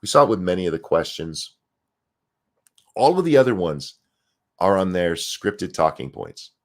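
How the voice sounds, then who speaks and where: A man's voice: sits low, very animated, normal speed. A man giving a blunt, sarcastic reaction rant, swearing freely while fighting the hiccups. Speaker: political commentary streamer.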